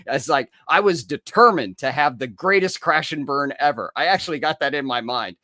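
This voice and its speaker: A man's voice: a little high, normal speed, sharp tone, dry recording, studio quality. A man, an author and recovery coach, speaking as a guest in casual interview chat, reflective and often chuckling as he recounts his own stories.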